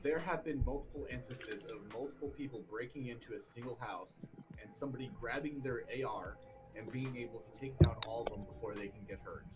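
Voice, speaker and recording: Slightly drunk man arguing forcefully. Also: mid-range voice, fairly quick, recorded from a distance, loud music behind the voice, low-quality recording. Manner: forceful, repetitive, emphatic. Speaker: debate participant. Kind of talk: heated online debate.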